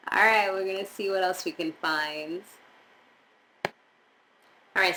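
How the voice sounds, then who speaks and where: A young woman from Montserrat chatting casually as a vlogger, rambling with animated asides. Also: fairly low pitch, slight background noise, poor audio. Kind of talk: casual chat reviewing DNA results.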